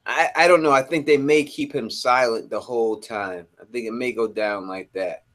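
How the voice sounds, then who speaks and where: A man hosting a casual live podcast chat, animated and teasing, cursing freely as he moderates the guests. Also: mid-range voice, normal speed. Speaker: host.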